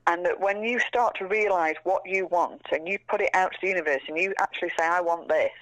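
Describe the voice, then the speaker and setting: Bright, upbeat woman guest. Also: on the low side, quick pace, poor audio. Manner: chatty and upbeat, mild swearing, laughs often. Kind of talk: casual interview chat.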